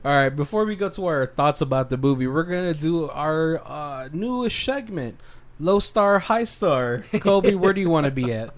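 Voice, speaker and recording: A man's voice: on the high side, animated, moderate pace. A man co-hosting a podcast, casually recapping a horror film and acting out the characters' lines. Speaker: podcast co-host.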